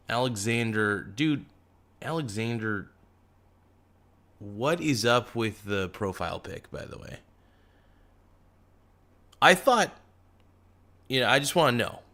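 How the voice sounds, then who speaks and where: A man's voice: medium pitch, a bit bright. A young man hosting a casual livestream, reading out chat comments with joking, teasing banter. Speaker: livestream host.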